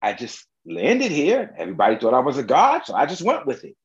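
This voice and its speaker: A whiny little man caught pretending to be a god shrugs and makes excuses, voiced by a male preacher. The delivery is offhand and sheepish, with a few quick bursts. It comes through a dull, lo-fi recording. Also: medium pitch, wildly swooping pitch.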